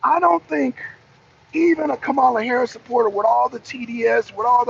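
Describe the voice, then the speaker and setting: A woman with a slightly high, vocal-fry voice hosts a political livestream at a brisk clip, soft music playing behind her. She's emphatic, pressing the same rhetorical questions repeatedly and replying to viewers in chat. The stream audio is dull and lo-fi with faint noise.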